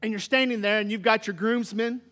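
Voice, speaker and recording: A man preaching a sermon, moving from loud exclamations to quiet asides and folksy stories. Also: high-pitched, steady tone, a little fast. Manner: folksy, humorous anecdotes. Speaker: pastor. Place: church sanctuary. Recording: long church reverb.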